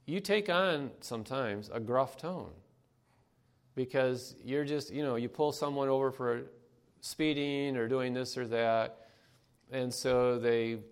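Unhurried older man preaching. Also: medium pitch. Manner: conversational, unhurried, with throat clearing and pauses. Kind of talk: sermon with anecdotes.

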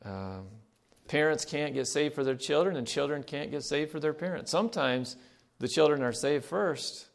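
Male pastor giving a sermon, slows way down on key words, trails off quiet and low, asks the folks questions. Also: vocal fry.

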